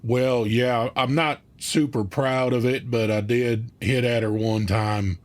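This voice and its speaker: A man playing a blunt, rough rural husband who talks in double negatives. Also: mid-range voice, fairly even intonation, takes it slowly, lightly acted.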